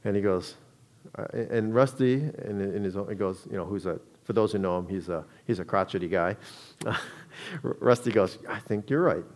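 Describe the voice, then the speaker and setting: A man's voice: low voice, normal speed, a little mellow. Man telling a story in a talk. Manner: storytelling, conversational with restarts. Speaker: speaker giving a talk. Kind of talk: public talk to a live audience.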